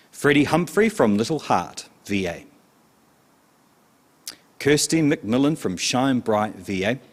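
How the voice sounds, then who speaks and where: A man's voice: fairly low pitch, long reverb tail. A man hosting an online awards ceremony, announcing winners in a playful, upbeat way. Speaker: awards host.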